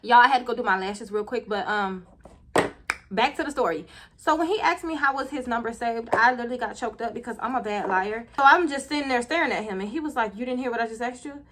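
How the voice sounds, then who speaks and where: A young woman telling a casual storytime while doing her makeup, animated and laughing often, talking straight to her viewers. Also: on the high side, fast, slight background noise. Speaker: storyteller vlogger.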